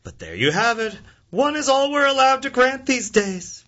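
A man's voice: very high voice, big pitch swings, normal speed, a bit bright, highs cut off, exaggerated voice. A man voicing a smug, bureaucratic male genie who feigns sympathy and speaks with mock-apologetic swoops.

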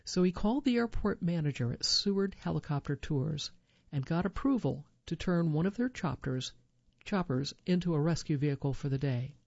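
A narrator reading a true survival story in a measured storytelling manner, lifting the quoted lines. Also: mid-range voice, animated, creaky, darkish tone, no room sound, lo-fi sound.

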